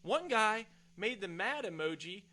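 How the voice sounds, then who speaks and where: A man's voice: sits high, big pitch swings, measured pace, pushed and bright. A man hosting a podcast, telling a heated, profane, exasperated story in a casual rant. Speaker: podcast host. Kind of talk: casual ranting monologue.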